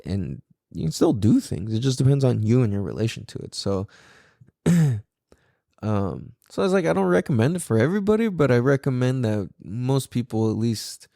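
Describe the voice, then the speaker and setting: Man, podcast host, casual rant, lots of "like" and swearing, warm low-key tone, dry sound. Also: creaky, dry recording. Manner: animated, profane, rambling with many fillers.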